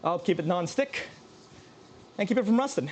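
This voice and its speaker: A man's voice: high voice, animated, normal speed, a little mellow, a little hiss or hum. A man who streams himself cooking, chatting casually in a rambling, self-mocking way and laughing often. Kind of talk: casual live-stream chat while cooking.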